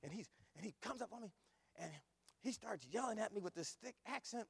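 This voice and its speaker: Man, pastor, sermon, emphatic, repetitive, slightly high pitch, reverberant hall. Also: expressive, fast, gravelly. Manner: emphatic, repetitive preaching with big swings in loudness. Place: church.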